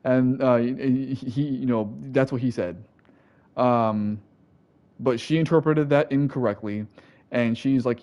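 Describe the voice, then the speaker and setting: A man's voice: medium pitch, takes it slowly, dark tone, muffled recording. An American man giving rambling, profane let's-play commentary, correcting himself as he goes. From United States. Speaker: gameplay commentator.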